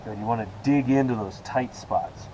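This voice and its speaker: A man teaching a beginner yoga class, calling out poses and breaths in relaxed, encouraging cues with casual asides. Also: medium pitch, moderate pace, a little hiss or hum, poor audio. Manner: relaxed, encouraging cueing with self-aware asides. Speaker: yoga instructor. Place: outdoors with rain and hummingbirds about.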